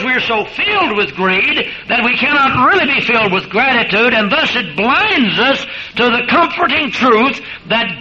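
High-voiced man preaching a sermon. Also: sharp tone, lo-fi sound, slight background noise. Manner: emphatic, addresses listeners as beloved.

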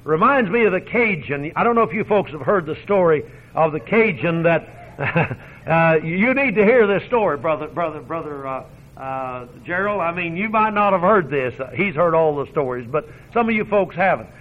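A preacher with a high voice mixes homespun jokes and easy laughter into his sermon. He comes through a thin, phone-like radio broadcast that cuts off the lows and highs. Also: lively intonation, normal speed. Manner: homespun and joking, laughs often. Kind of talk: folksy sermon with storytelling.

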